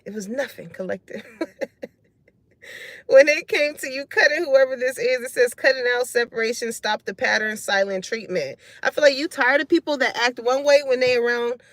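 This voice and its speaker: A woman's voice: sits high, moderate pace, fairly bright tone, no echo. A woman doing a live card reading and chatting with her viewers. She talks loose, slangy and frank, cusses freely, and laughs often. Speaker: tarot reader.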